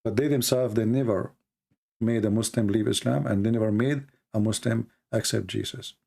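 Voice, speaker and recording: A man hosts a livestream in a gravelly, dark voice, his non-native English full of broken grammar. He talks emphatically, peppers his lines with "you know," and pushes higher and hotter when he turns on his critics. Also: steady tone, normal speed. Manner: emphatic, grows heated and high-pitched when mocking critics; frequent "you know" and repeated words. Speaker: livestream host. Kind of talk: casual spoken monologue.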